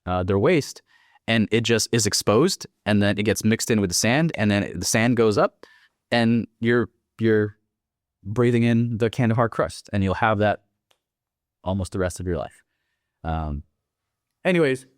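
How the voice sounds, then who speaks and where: A young man telling a casual, profane story, acting out the dialogue and jumping higher when he quotes himself. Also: animated, normal speed, dry recording, clean studio sound. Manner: swearing freely, acting out dialogue. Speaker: guest.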